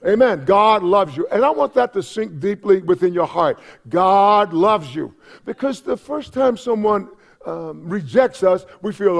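A man preaching in a church with a high, gravelly voice. He swings between emphatic, ringing declarations and quiet, hushed asides, stressing key phrases and repeating them for effect. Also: expressive, unhurried. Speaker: pastor. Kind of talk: sermon.

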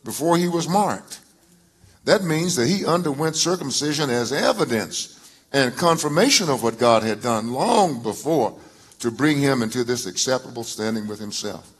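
A man preaching a sermon, reading scripture aloud in a folksy drawl with rising emphasis, with a husky voice. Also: mid-range voice, lively intonation, moderate pace. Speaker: pastor.

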